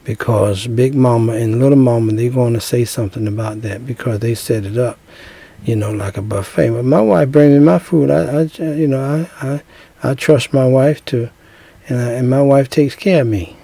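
A cautious older man gives a warning, done by a man, dropped low and quiet with a gravelly rasp. He talks like someone keeping his voice down so the women won't hear, in a dry, close sound. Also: steady tone, normal speed, dry recording. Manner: hushed, wary, low. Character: cautious older man advising a young husband.

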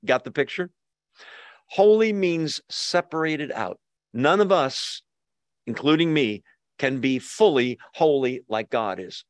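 A man's voice: medium pitch, animated, slow, dry recording. An older man preaching a sermon with emphasis, repeating key words and asking his listeners questions. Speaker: pastor.

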